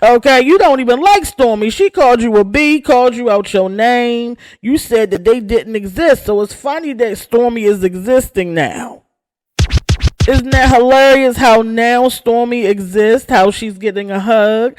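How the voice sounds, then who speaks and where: Sassy, animated woman ranting. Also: a little high, unhurried. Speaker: gossip channel host. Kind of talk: casual gossip rant.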